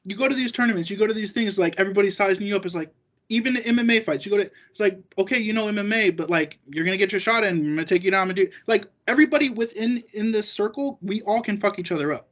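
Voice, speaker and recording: A man's voice: high-pitched, quick pace, fairly bright tone, lo-fi sound. A man talking as a podcast guest in casual chat, rambling and profane, acting out what other people said. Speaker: guest, jiu-jitsu competitor.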